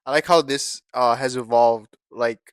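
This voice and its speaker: A man's voice: mid-range voice, fairly even intonation, a little slow, clean tone, dry recording. Teasing man co-hosting a podcast. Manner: teasing, laughs a lot. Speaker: podcast co-host. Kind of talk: casual chat.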